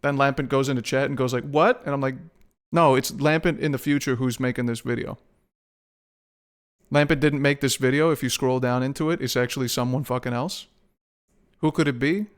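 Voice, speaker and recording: A man's voice: medium pitch, steady tone, a little fast. A young man streaming a game, rambling profanely and joking with his chat. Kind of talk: casual gameplay stream chat.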